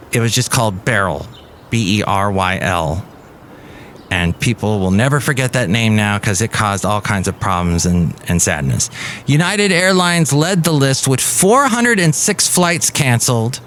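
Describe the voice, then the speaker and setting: A male podcast host runs through the news in a comedic monologue, breaking off for puns and silly asides. His voice is mid-pitched and ordinary, and faint noise hums underneath. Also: a bit bright. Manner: goofy, punning, playful asides.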